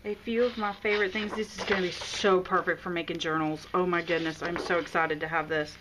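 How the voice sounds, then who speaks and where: A woman's voice: lowish voice, fairly even intonation, brisk. A woman vlogging an unboxing of craft supplies, gushing and exclaiming with delight, gasping and laughing. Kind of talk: excited unboxing chat. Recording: noisy home recording.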